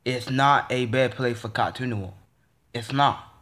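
A man's voice: mid-range voice, unhurried, a bit bright. A young man ranting in a casual vlog, frustrated and swearing, with many stumbling restarts and repeated phrases. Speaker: vlogger.

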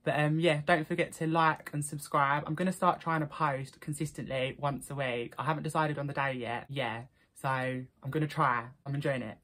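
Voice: medium pitch, fairly even intonation, moderate pace, hardly any pauses, fairly bright tone. A young adult vlogger with an Essex accent, chatting casually and reading out quiz questions in a shared house. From Essex, England. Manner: chatty, reads quiz items aloud with local slang. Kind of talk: casual accent-tag vlog.

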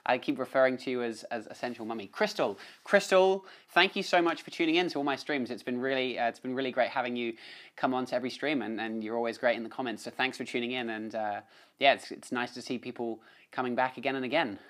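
A New man chats casually on a phone live stream and greets viewers as they join. His voice sits at an ordinary middle pitch, and his talk stops and restarts often while he reads comments. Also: fast, fairly bright tone. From New Zealand. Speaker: livestream host.

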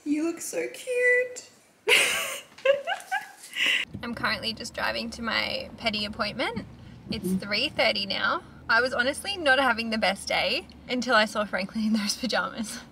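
A woman's voice: a little high, normal speed, gravelly, sharp tone, slight background noise. A young Australian woman chatting candidly to camera in a casual vlog, swearing now and then. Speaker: vlogger.

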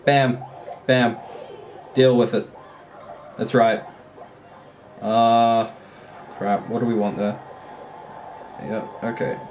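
A man giving casual, excitable commentary while playing a mobile strategy game, often swearing and laughing at his own play. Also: mid-range voice, very slow, pauses often, muffled recording, a little hiss or hum.

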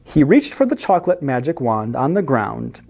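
A woman librarian reading a picture book aloud to children in an expressive storytelling voice. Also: a bass voice, normal speed.

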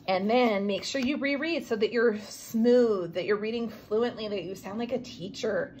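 A woman teacher giving a remote reading lesson to young children, encouraging them and slowly sounding out words. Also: on the high side, husky.

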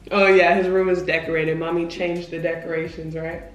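A woman's voice: lowish voice, flat delivery, brisk, echoey room, faint music behind. A woman in her twenties, a vlogger and mother, chatting casually with her young son over food, playful and laughing often. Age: 20s. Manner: playful, laughs often, talks gently to a child.

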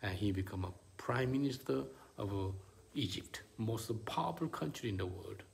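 A male preacher giving a sermon in halting, non-native English full of fillers. He drops to low murmurs, then climbs into high, ringing bursts of emphasis. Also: expressive, vocal fry.

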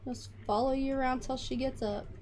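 A woman's voice: high-pitched, steady tone, a little fast, darkish tone, a little hiss or hum. A woman hosting a gaming channel, chatting casually to her characters as she plays. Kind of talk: casual life-sim gameplay commentary.

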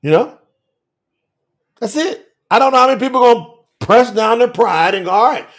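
Male preacher, high gravelly voice, emphatic and folksy, repetitive, drops low for effect. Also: lively intonation, moderate pace. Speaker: preacher teaching scripture. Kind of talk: fiery sermon to a live stream audience.

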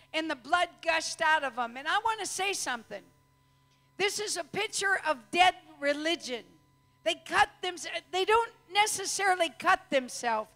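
A woman preaching a sermon with fervor, building to shouts and slow, drawn-out declarations. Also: extremely high pitch. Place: church hall. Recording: long hall reverb.

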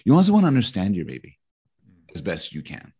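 A man's voice: low-pitched, wildly swooping pitch, fast talker, a little mellow, breathy edge. A middle-aged man explaining his ideas in conversation, thoughtful and prone to stammering restarts. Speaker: guest author.

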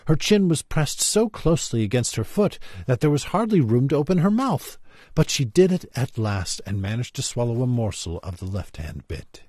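Man, storyteller, expressive reading, husky, dry close sound. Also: medium pitch, normal speed, dry recording. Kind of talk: reading a children's classic aloud on a live stream.

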